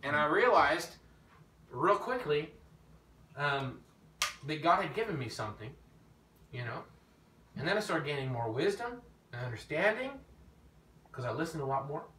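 A man preaching an informal teaching sermon, telling his own story in an animated way that rises when he gets emphatic. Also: a little high, normal speed, long pauses. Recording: echoey room, mic at a distance, faint background noise.

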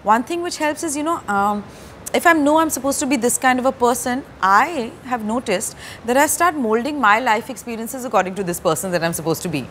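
A woman, talking as a guest in a candid stage interview, soft-spoken and hesitant with many fillers. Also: on the high side, animated, fairly quick, a little hiss or hum. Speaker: actor and director, interview guest. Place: stage before a live audience.

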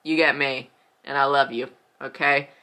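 A woman's voice: rumbling low, flat delivery, normal speed, sharp tone, clean tone. A young woman chatting casually to camera in her vlog, gushing and swearing freely, sounding tired. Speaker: vlogger.

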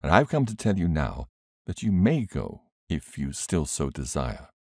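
A man reading a gentle, grave older brother. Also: extremely low pitch, sing-song, measured pace, no room sound, studio quality, exaggerated voice. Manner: gentle and sad.

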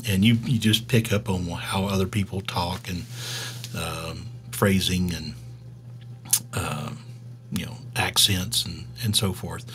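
A man's voice: low voice, fairly even intonation, a bit bright, soft background music. A middle-aged man from Georgia with a Southern drawl, hosting a developer live stream in casual, rambling talk full of fillers. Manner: rambling, halting, with many fillers.

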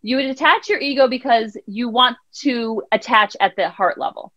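A woman child counselor on a podcast, telling a parenting story in an animated way and acting out her son's lines. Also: a little high, moderate pace, rough recording. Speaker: child counselor and life coach guest. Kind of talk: podcast conversation.

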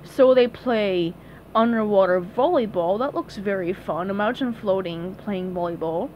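A woman's voice: medium pitch, a little slow. A woman casually reviewing a children's picture book, chatty and gushing, with small laughs and restarts. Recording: dull lo-fi audio with faint noise.

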